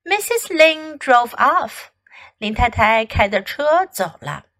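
Casting note: woman teacher narrating a picture book, high, lively voice, unhurried. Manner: slow, expressive read-aloud. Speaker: English teacher. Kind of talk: bilingual storybook reading.

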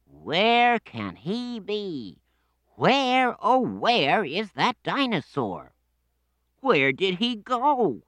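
A woman voicing a cheerful, eager young boy in a picture-book read-aloud, in a high sing-song voice. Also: sing-song, extremely slow, no room sound. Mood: playful.

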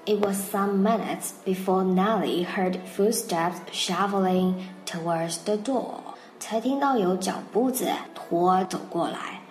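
A woman's voice: mid-range voice, takes it slowly, few pauses. A Mandarin-native woman telling a children's story and explaining English words, patient and repeating phrases. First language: Mandarin Chinese. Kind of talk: bilingual storytelling lesson. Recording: roomy recording, faint music.

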